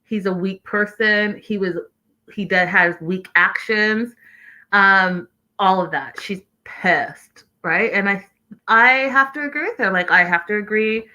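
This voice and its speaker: A woman hosting a show, recapping episodes in an animated, exclaiming way and acting out what people said. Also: mid-range voice, takes it slowly, long pauses. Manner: expressive, exclaiming, acting out quotes. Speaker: podcast host recapping a reality show.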